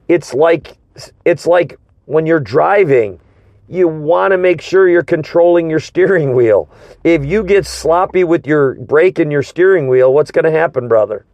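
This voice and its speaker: A man's voice: on the high side, darkish tone, no echo, muffled recording. Man leading an earnest Bible study. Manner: slow, emphatic teaching with rhetorical questions. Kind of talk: informal Bible study discussion.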